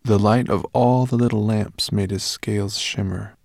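A man narrating a children's fantasy novel in a measured storytelling manner. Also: on the low side, steady tone, vocal fry, darkish tone, dry recording, studio quality. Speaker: audiobook narrator. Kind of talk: scripted narration.

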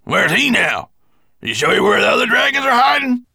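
A man reading an audiobook, voicing a grumpy, sulking male dwarf who whines and shouts his complaints. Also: mid-range voice, wildly swooping pitch, moderate pace, gravelly, dry recording, clean studio sound, pitched above the performer's own voice, exaggerated voice. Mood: sulky grumbling. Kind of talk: audiobook character voice.

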